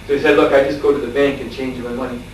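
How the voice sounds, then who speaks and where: A man telling a story in a lecture, animated and laughing, acting out the shouts of the people in it. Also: medium pitch, rapid-fire. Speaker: spiritual teacher. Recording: echoey room from far off, faint background noise.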